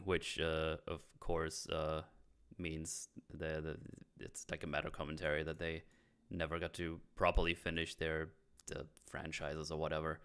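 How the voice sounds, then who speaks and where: A man hosting a casual movie review chat, rambling and trailing off into low mumbles. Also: completely flat delivery, unhurried, fairly bright tone, clear, resonant tone. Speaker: host.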